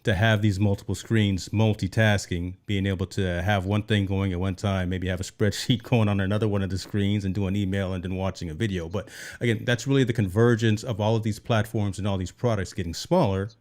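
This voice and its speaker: A man's voice: on the low side, fairly even intonation, a little fast, few pauses, a little mellow. A man hosting a tech show, chatting casually and explaining as he goes, often checking in with "right?". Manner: conversational, explains with repeated "right?".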